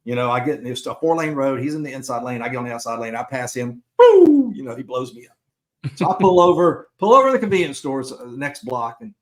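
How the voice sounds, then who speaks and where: A middle-aged podcast co-host with a medium-pitched, fairly bright voice talks fast as he tells a long personal anecdote. Casual and chatty, he acts out the other people's lines.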